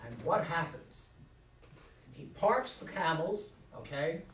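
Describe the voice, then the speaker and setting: High-voiced joking preacher, echoey sanctuary. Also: male voice, expressive, a bit bright, slight background noise. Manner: joking storyteller with quick asides to the congregation. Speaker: rabbi leading Friday night services. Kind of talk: humorous conversational sermon. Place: synagogue sanctuary. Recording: echoey hall, mic at a distance.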